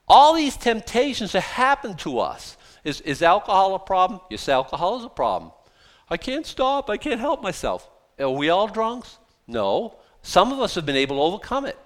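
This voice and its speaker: A man preaching a sermon as a pastor, emphatic and blunt, mocking excuses in quick put-on voices. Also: high voice, big pitch swings.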